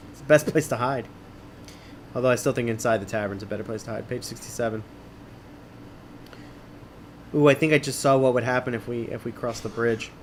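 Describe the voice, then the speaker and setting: Middle-aged guy on stream reading a kids' adventure book, cracking jokes at himself, medium-pitched voice. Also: fairly bright tone, slight background noise. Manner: wisecracking, self-mocking. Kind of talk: casual read-aloud with joking asides.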